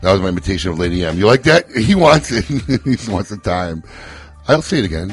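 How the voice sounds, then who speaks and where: A man's voice: low voice, very animated, fairly quick, husky, soft background music. A man hosting a casual radio talk show, joking, laughing often and telling stories with energy. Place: radio studio.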